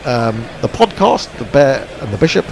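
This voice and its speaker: A man doing relaxed ball-by-ball cricket commentary on an internet radio stream, chatty and dry, with plenty of fillers. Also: medium pitch, normal speed, creaky. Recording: faint background noise.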